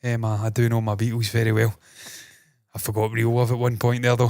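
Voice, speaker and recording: A man's voice: mid-range voice, monotone, fairly quick, darkish tone, no echo. Male host with a put-on Scottish accent, mid-range voice, loose sweary commentary, slight chesty cough, dry room. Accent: mock Scottish, put on. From Britain. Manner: swears freely, rambling and enthusiastic. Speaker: entertainment news host. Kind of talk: casual news commentary.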